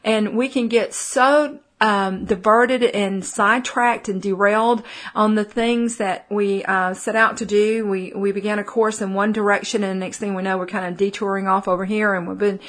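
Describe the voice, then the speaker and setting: Woman, Texan accent, middle-aged, Bible teacher, folksy, rambling fillers, mid pitch. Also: fairly even intonation, normal speed, fairly bright tone. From Texas. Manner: folksy, many fillers and restarts. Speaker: preacher.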